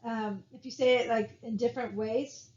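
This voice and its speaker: A woman's voice: fairly high pitch, steady tone, moderate pace, darkish tone. A woman giving a recorded college lecture in a casual, conversational way, with frequent fillers and "right?" tag questions. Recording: dull lo-fi recording.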